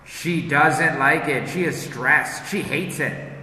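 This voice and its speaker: Slow, deliberate teacher, echoey room. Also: male voice, fairly high pitch, pushed and bright, slight background noise. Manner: slow, deliberate, repeats words for students. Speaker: English teacher. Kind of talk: slow classroom explanation with drills. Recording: echoey room with long reverb, faint ambience.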